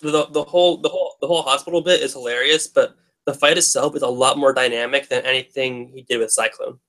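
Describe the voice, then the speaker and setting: An easygoing man in casual podcast chat, agreeable and quick to chime in with short remarks. His voice sits in a middle pitch. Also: fairly even intonation, a bit bright. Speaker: podcast co-host.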